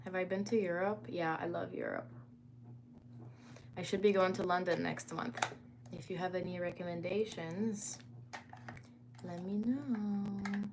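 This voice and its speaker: A woman's voice: fairly low pitch, steady tone, unhurried, pauses often, noisy background. A young woman hosting a casual livestream from home, chatting to viewers and greeting them by name, with plenty of filler words. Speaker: livestream host.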